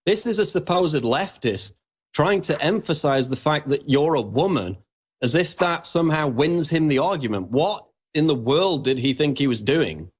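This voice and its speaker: A man guest-hosting a talk radio show, speaking briskly and emphatically. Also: on the high side, animated, husky. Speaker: guest host.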